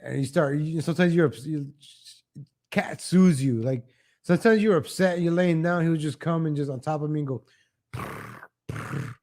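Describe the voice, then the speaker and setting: Higher-voiced man hosting a casual livestream. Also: moderate pace. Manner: rambling, warm toward chat viewers, frequent restarts. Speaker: host.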